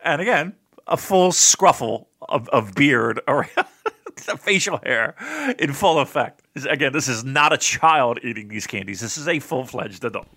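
A man from New Jersey co-hosting a podcast, chatting casually, animated, laughing often and swearing freely. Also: medium pitch, moderate pace. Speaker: podcast co-host. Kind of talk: casual chat.

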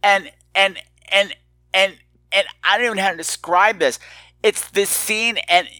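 A man hosting a solo podcast, talking in an animated, theatrical, mock-menacing way and sometimes dropping to hushed asides. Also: high voice, measured pace, dry recording. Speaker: podcast host.

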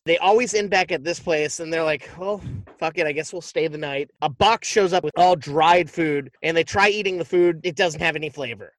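A man's voice: on the high side, no room sound. A man co-hosting a podcast, casually and animatedly retelling a movie plot and swearing freely. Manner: animated, profane storytelling. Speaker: podcast co-host.

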